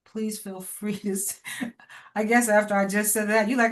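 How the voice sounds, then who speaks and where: A middle-aged woman educator giving feedback over a video call. She talks directly and encouragingly, often breaking into a laugh. Her voice sits at an ordinary pitch for a woman. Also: flat delivery, normal speed. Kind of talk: online class feedback.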